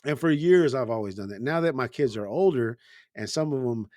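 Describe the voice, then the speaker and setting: A man in his forties, a podcast co-host, talks in a loose, heartfelt way with plenty of slang and casual swearing. His voice sits at an ordinary middle pitch. The sound is close and dry, with no room around it. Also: expressive, brisk, a little mellow, no room sound. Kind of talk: casual chat.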